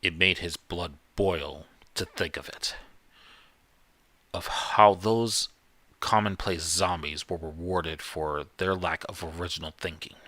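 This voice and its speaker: A man's voice: deep voice, fairly even intonation, slow, sharp tone, no echo. A man narrating a horror story live, often stumbling and correcting himself as he reads. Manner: stumbling, self-correcting reading.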